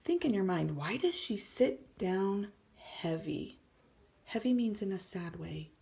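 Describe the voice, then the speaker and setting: A woman's voice: medium pitch, lively intonation, slow pace, creaky, warm tone. A woman teacher reading a story aloud to children, explaining words and often dropping to a whisper. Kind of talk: read-aloud lesson for children.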